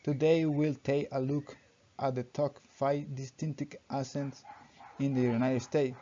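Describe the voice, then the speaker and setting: A man's voice: mid-range voice, flat delivery, warm tone, slight background noise. Young man reading a class presentation, dull lo-fi. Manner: reads in short halting phrases with grammar slips. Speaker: student presenter. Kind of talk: class presentation read aloud. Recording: dull lo-fi recording.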